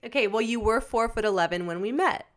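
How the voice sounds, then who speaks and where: A woman's voice: on the high side, fast talker. A woman in her twenties co-hosting a podcast, chatting casually and teasing her friend as she tells stories. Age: 20s. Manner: animated storyteller who teases her friend. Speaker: podcast co-host. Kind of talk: casual chat.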